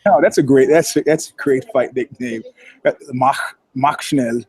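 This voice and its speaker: A man's voice: medium pitch, fairly even intonation, unhurried, darkish tone, slightly rough. A man co-hosting a casual fight podcast from an airport over a laptop call, joking, swearing and laughing often. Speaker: podcast co-host. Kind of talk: casual chat.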